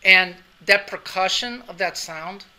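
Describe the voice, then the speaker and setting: A man's voice: high-pitched, unhurried, pushed and bright. A middle-aged man teaching anatomy and physiology, telling a class a story in a chatty way. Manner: chatty, anecdotal, with frequent "right?" asides. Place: classroom with students.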